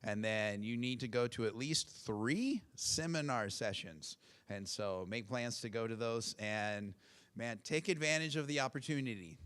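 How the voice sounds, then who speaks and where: A man's voice: mid-range voice, unhurried, fairly bright tone, smooth. A middle-aged man with a cold, giving casual, upbeat announcements at a university chapel. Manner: upbeat, chatty, with fillers and repeated pleas. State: has a cold.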